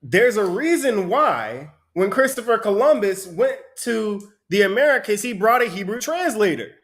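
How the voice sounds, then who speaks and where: A man teaching a Bible study, explaining the text in an animated way and often asking "right?". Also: sits high, normal speed. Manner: animated, asks rhetorical questions, repeats "right?". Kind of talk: sermon-style teaching with a reader.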